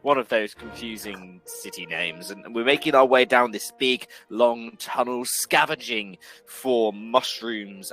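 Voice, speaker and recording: Rambling low-voiced man. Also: a bit bright, rough recording. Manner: rambling, self-interrupting, joking. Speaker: player. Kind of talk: casual tabletop banter.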